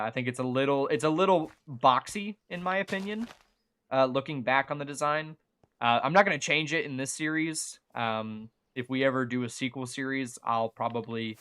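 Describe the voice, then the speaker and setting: Young male streamer, light Southern accent, bright tone, chatty and rambling. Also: medium pitch. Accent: mild Southern American. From Southern United States. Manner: rambling, chatty, many fillers and restarts. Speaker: gaming livestreamer. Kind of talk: casual livestream chat while playing.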